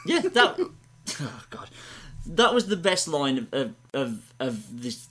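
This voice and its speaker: A man's voice: mid-range voice, slow. A man from England co-hosting a podcast, chatting casually about a film and joking as he quotes lines. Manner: animated, jokey, quotes lines in funny voices. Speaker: podcast co-host. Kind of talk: casual film-review chat.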